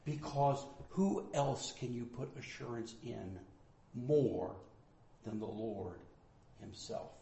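A male pastor teaching from the Bible in a sermon, swinging between loud emphatic bursts and quiet asides. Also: medium pitch, slow, gravelly. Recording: echoey room.

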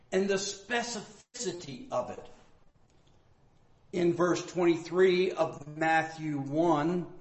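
A male pastor teaching from the Bible in a sermon, swinging between loud emphatic bursts and quiet asides. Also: fairly high pitch. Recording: echoey room.

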